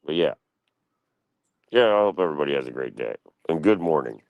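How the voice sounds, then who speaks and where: A man's voice: a bass voice, lively intonation, fairly quick, vocal fry, narrow, tinny audio. A young man streaming in the morning, rambling and cursing, and talking about himself in the third person. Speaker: live streamer.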